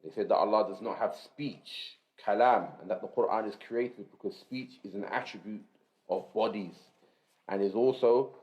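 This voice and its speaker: Low-voiced man reading a religious text. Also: a little mellow. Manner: measured, explanatory, glosses terms in Arabic. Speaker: reader in a religious class. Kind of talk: reading a text aloud with brief asides. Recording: roomy, dull lo-fi recording.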